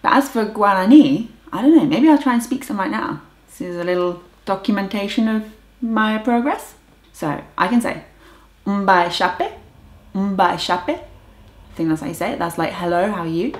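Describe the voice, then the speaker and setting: A young woman talks through her language learning in a chatty, enthusiastic way and tries out foreign words as she goes. Her voice sits at a middle pitch. The room gives it a noticeable echo. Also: expressive, normal speed. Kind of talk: casual vlog talk. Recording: roomy echo.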